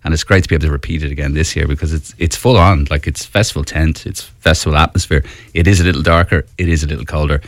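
A man guesting on a radio show, relaxed and blunt with dry humour. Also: a bass voice, quick pace, hardly any pauses, no echo. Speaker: guest musician. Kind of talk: casual radio interview. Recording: dry studio.

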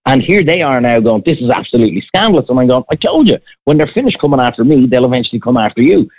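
A man's voice: mid-range voice, animated, fast talker. An Irish man in casual chat, ranting bluntly and with some profanity. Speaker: podcast guest, former restaurant owner. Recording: tinny phone-like sound.

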